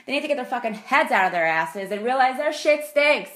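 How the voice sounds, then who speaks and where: A young adult woman ranting in a vlog, blunt and profane, swinging between loud outbursts and quiet mutters. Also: high-pitched, expressive, brisk. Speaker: vlogger.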